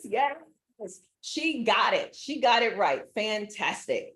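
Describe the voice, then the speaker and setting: A woman's voice: mid-range voice, big pitch swings, slow pace, a bit bright, echoey room. A woman hosting a casual live stream from a relative's house, chatty, laughing and easily sidetracked. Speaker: livestream host.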